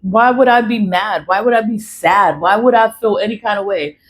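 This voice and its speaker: A woman's voice: mid-range voice, moderate pace, low-quality recording. A woman talking straight to camera about her spiritual cleansing practice, blunt and swearing, laughing between her points. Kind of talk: casual monologue to camera.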